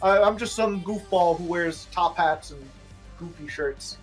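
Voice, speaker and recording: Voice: mid-range voice, a little slow, soft background music. A streamer being interviewed in casual chat, laid-back and joking, cursing freely. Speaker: streamer guest.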